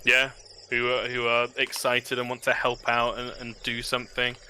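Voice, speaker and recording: A man narrating a tabletop game as game master, in a relaxed way with many fillers. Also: mid-range voice, moderate pace, a little hiss or hum.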